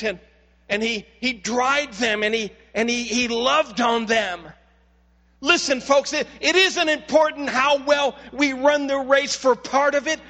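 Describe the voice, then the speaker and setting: In a church with the long reverb of a large hall, a lead pastor preaches an impassioned sermon, earnestly repeating words as he builds and appealing directly to his listeners. His voice is extremely high, bright and forceful.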